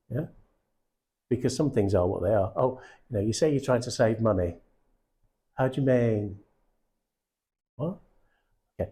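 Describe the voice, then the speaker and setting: Blunt male sales coach, husky and mellow. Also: mid-range voice. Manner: blunt, swears casually, checks in with "okay?" and "yeah?". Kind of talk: live coaching session.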